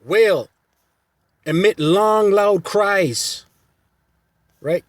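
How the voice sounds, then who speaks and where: Husky man preaching emphatically. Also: fairly high pitch, animated, normal speed, pauses often, dry recording. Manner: emphatic, repeats phrases and asks "right?" often. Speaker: teacher of a religious camp. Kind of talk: scripture teaching, sermon-like.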